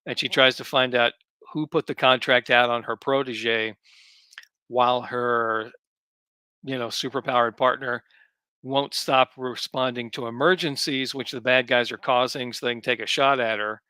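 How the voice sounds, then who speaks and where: A man's voice: medium pitch, steady tone, moderate pace, bright, forceful tone, clear, resonant tone, dry recording. A man, a comics writer, talking easily as a guest in a casual interview, thinking aloud as he goes. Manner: easygoing, thinks aloud with ums.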